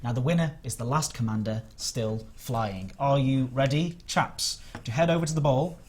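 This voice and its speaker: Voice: medium pitch, moderate pace, a crowd in the background. A livestream host running a community game event, playful and jokey, reading out the rules of a contest.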